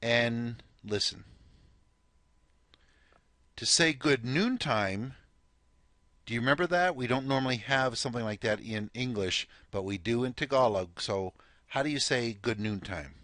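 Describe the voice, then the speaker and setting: A man's voice: medium pitch, lively intonation, measured pace, long pauses, fairly bright tone, no echo, studio quality. A man teaching a language lesson, patiently repeating words and prompting the listener to say them back. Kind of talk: slow step-by-step language lesson.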